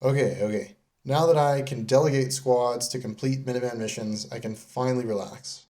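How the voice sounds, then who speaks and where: A man giving comedic scripted narration as a game reviewer, sarcastic and deadpan. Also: medium pitch, brisk. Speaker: video creator reviewing game companions.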